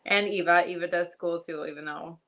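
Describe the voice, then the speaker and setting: A woman's voice: fairly low pitch, steady tone, fairly quick, sharp tone. A woman hosting a casual livestream chat, laughing often and greeting viewers by name. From United States. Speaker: livestream host.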